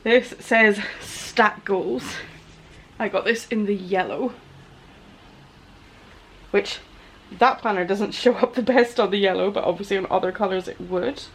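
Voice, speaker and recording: Excitable woman vlogging. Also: medium pitch, a little slow, pauses often, a little hiss or hum. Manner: gushing and excitable, chatty asides. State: out of breath in places. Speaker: small business owner, vlogger. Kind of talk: casual vlog chat. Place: home studio office.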